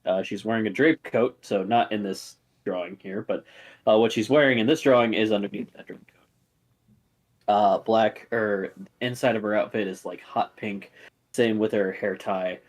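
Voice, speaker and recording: A young man with a low-pitched voice narrates a tabletop game as game master. He talks in a relaxed way, full of fillers and quick laughs.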